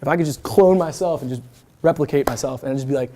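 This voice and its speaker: A man in his twenties gives a brash, energetic motivational talk to students, swearing casually as a guest speaker in a university event room. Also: a little high, fast talker, slight background noise. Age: 20s.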